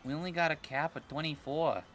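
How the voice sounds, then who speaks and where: A man's voice: a little high, brisk, fairly bright tone, a little hiss or hum. A male streamer giving casual let's-play commentary, crude and jokey, squealing in mock disgust.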